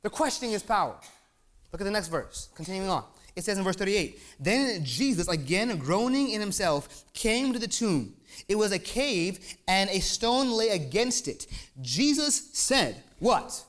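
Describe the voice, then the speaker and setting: A man preaching a sermon, emphatic and excitable, often repeating words and asking for amens. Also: sits high, measured pace. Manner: repeats words when fired up.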